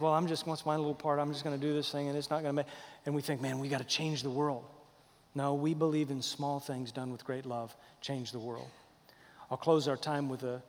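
A man with a Texan accent, preaching a sermon, moving from loud proclaiming to quiet confiding. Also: medium pitch, big-room sound.

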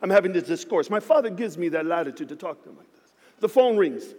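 A man preaching and telling a story to his church. He acts out the voices in his dialogue, moving between hushed lines and shouts. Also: sits high, animated, fast talker. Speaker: pastor. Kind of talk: sermon storytelling. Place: church sanctuary. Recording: hall reverb.

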